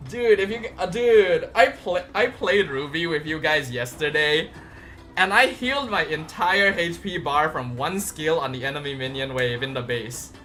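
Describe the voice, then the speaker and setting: Excitable streamer with a lively, bright voice. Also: mid-range voice, moderate pace, faint music behind. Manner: excitable, bursts into loud exclamations. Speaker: game streamer. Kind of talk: live patch note review.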